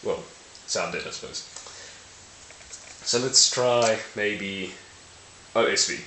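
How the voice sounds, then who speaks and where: A man talks to camera in a lowish voice with a bright, forceful edge. He explains in a loose, playful way, trips over his words, fixes them, and chuckles at himself. The sound is roomy with a faint hiss. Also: slow. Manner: playful, self-correcting, laughs at own slips. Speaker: language video host. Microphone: camera mic.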